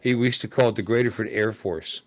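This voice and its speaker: A man hosting a casual live chat, telling rough stories with frequent laughs and swearing. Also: fairly low pitch, quick pace, no echo. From Pennsylvania. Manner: profane, laughing storyteller. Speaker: host.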